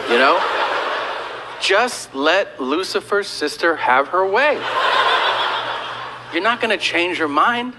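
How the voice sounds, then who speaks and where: A man's voice: high voice, slow pace, long pauses. A man telling a stand-up story and acting out both sides of a conversation, on a stage recording with audience noise. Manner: animated storytelling, acting out quotes. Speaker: stand-up comedian.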